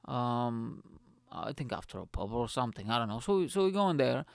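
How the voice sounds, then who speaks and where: A young man hosting a casual solo podcast, rambling and swearing as he tells an animated story into his microphone. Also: medium pitch, normal speed, creaky, dry recording. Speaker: podcast host. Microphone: studio microphone.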